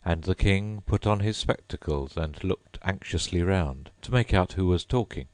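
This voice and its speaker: A man reading a classic storybook aloud as an audiobook narrator, in an expressive storytelling manner. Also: low voice, moderate pace, no echo. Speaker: audiobook reader. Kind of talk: scripted narration.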